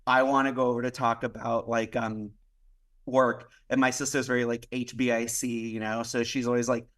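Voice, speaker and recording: A man's voice: mid-range voice, little pitch movement, normal speed, a bit bright. Young man rambling through a personal story. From Miami, United States. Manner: rambling, heavy use of "like", acts out quoted dialogue; casual swearing. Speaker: podcast guest. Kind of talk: casual conversational storytelling. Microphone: podcast microphone.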